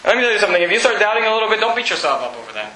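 A preacher with a very high, piercing bright voice delivers an impassioned sermon in a church. He swings between shouting and sudden hushed drops. The room rings with echo. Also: big pitch swings, rapid-fire, slight background noise. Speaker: pastor. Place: church sanctuary.

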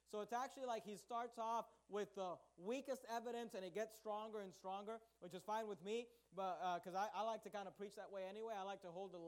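A male pastor preaching an evening sermon, slowing down and pressing hard on the scripture he reads. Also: high voice, a little mellow. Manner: emphatic preaching, slows and rises on scripture quotes.

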